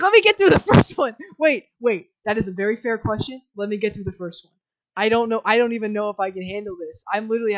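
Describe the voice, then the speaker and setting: A woman streams herself reading a screenplay, moving between flat narration of the directions and flustered asides to her chat. She pitches a little high, and the audio is poor.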